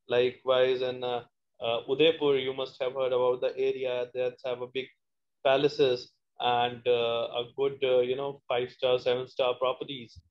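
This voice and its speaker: Man, wedding planner on a call, even flat tone, muffled lo-fi audio, hesitant, lots of "uh". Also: mid-range voice. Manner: hesitant, many fillers. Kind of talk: online panel remarks.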